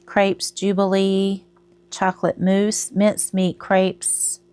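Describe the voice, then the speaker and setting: A woman's voice: medium pitch, monotone, slow, darkish tone, clear, resonant tone. A middle-aged woman, chatting casually to camera at home, rambling and laughing at herself. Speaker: crochet vlogger.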